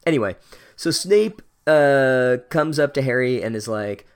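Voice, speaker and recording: A man's voice: mid-range voice, animated, measured pace, clear, resonant tone. A man giving a sarcastic, exasperated and profane comedic book recap. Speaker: book reviewer.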